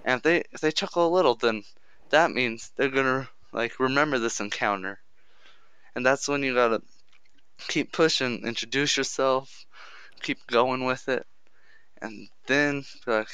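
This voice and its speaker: A man's voice: medium pitch, normal speed, sharp tone, clear, resonant tone, dry recording. A young man chatting casually, joking and teasing with boisterous energy. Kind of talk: casual chat.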